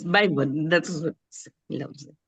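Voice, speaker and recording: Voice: mid-range voice, a little slow, fairly bright tone, breathy edge, no room sound. A student chiming in with brief remarks during an online class. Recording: dull lo-fi call audio.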